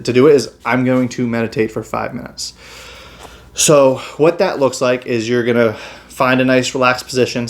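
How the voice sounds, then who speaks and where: A man, a chiropractor, explaining meditation and breathing techniques in a relaxed, casual way, with many fillers and restarts. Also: medium pitch, creaky. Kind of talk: casual health instruction.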